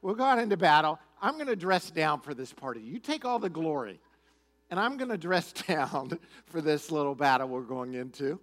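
A pastor lightly doing a brash, boastful wicked king who talks in casual modern slang. The voice swoops up and down with lively, high intonation. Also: normal speed.

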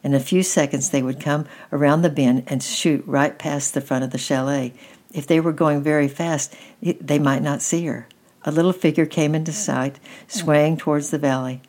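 A woman gently reading a children's story aloud at an unhurried pace. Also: deep voice, fairly even intonation.

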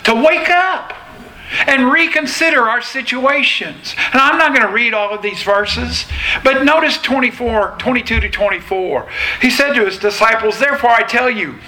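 A man preaching a sermon in a slow, deliberate way, pausing between phrases. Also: very high voice, sharp tone, low-quality recording. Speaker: pastor.

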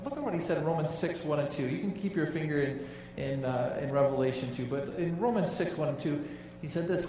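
A man's voice: fairly high pitch, fairly quick, few pauses, far from the mic, noisy background. Emphatic male pastor in echoey hall. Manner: emphatic, conversational, asks the congregation questions. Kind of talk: sermon. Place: church sanctuary.

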